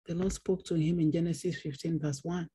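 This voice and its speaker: A woman's voice: deep voice, fairly even intonation, a little fast, mellow, slightly rough. A woman pastor preaching a Bible study sermon, repeating phrases for emphasis. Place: church.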